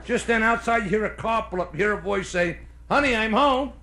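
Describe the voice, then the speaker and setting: Brash Brooklyn comedian with gravelly voice. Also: male voice, sits high, bright, forceful tone. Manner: brash storyteller doing quick character voices. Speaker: stand-up comedian. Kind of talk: live stand-up joke telling. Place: hotel nightclub stage. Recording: live club recording with faint noise. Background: audience laughter.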